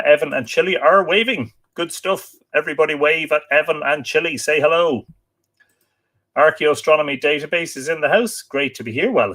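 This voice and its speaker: Irish male stream host, casual and teasing, reads chat comments aloud, mid-pitched. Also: a bit bright. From Ireland. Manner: chatty, teasing, frequent uh fillers. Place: home library room.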